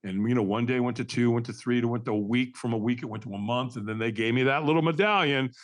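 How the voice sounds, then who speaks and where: An older man, a podcast guest, telling a personal story in a candid, earnest way and acting out old conversations with lively energy. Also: mid-range voice, quick pace. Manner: animated, acts out remembered dialogue.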